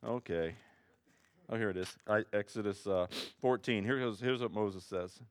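Male pastor, lowish voice, dry close sound, chatty rambling sermon. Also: normal speed, no echo. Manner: conversational, rambling, rising to excited emphasis. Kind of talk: informal sermon.

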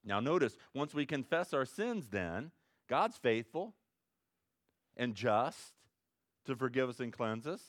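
Pastor guy preaching, really lively pitch, acts out prayers, loud then soft, dry close sound. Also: slow, pauses often, no room sound. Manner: animated preaching, acts out prayers and dialogue, swings between loud and hushed. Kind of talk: sermon. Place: church sanctuary with congregation.

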